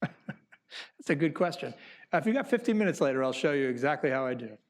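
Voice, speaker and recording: Business students hear a theater producer give a conversational talk full of anecdotes, with quotes he acts out in animated fashion. He has a mid-range voice and a fairly quick delivery.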